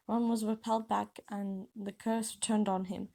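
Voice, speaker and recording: A woman reads her own fan story aloud in a casual, unpolished way, stumbling and restarting words now and then. Her voice is mellow and low-toned, with a gravelly fry running through it. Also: little pitch movement, unhurried, hardly any pauses. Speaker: author reading her fanfiction.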